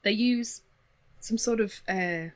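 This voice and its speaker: An English woman chatting as a podcast guest, telling animated stories with gasps and laughs. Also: medium pitch, slow. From England. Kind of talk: casual chat.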